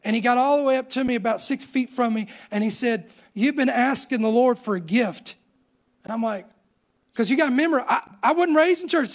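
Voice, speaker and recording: A man's voice: very high voice, fairly quick. A middle-aged man, preaching a sermon and telling his own story with rising emphasis. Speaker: pastor.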